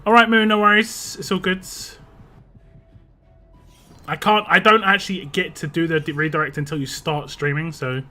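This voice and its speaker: A young man streams a game, chatting loosely and rambling between laughs, his voice a little rough from a drink. His tone is bright and forceful, pitched a touch high, with a casual, chatty flow. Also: fairly even intonation, moderate pace, long pauses, soft background music. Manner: rambling, chatty, laughs often, reads chat aloud. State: voice a bit rough after a drink. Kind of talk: casual live-stream chat.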